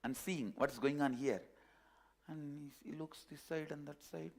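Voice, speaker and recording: A man telling a parable as a spiritual teacher, animated and repetitive. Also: fairly high pitch, normal speed, creaky. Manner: animated storytelling, repetitive phrasing. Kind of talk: storytelling sermon.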